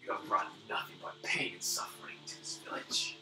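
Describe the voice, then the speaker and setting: A man voicing a feeble, bitter old man in a wheelchair in a whispered role-play, with a breathy, wheezing whisper. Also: brisk, echoey room, recorded from a distance, music in the background, lightly acted, poor audio. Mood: bitter, accusing.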